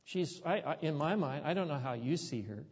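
A man's voice: on the high side, animated, a little fast, darkish tone, slightly rough, big-room sound, muffled recording. A man preaching a sermon, telling a story in a conversational way that rises to emphatic peaks.

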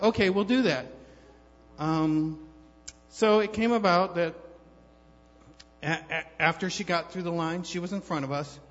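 Casting note: man telling his church testimony, somewhat high-pitched and chatty, full of ums and restarts, recorded on a dull handheld mic. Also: a bit bright. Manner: rambling, conversational, many fillers and restarts. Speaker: church member giving a testimony. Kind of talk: personal testimony told as a story. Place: church hall. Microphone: handheld microphone held too far off. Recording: long hall reverb, dull lo-fi sound.

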